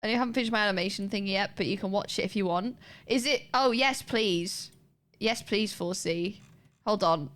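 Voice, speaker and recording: A woman's voice: medium pitch, normal speed, fairly bright tone. A woman streamer chatting casually and laughing as she reacts to clips. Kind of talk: casual live-stream chat.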